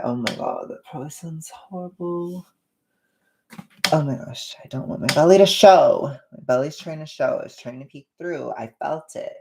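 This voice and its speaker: A chatty woman rambles her way through a home livestream while she cooks, poking fun at herself as she goes. Her voice has a gravelly, fry-heavy edge. It sounds like it was caught in a bare, echoey kitchen with plenty of noise behind her. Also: low voice, animated, normal speed. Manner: chatty, self-deprecating, rambling. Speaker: livestreaming vlogger. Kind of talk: casual livestream chat while cooking.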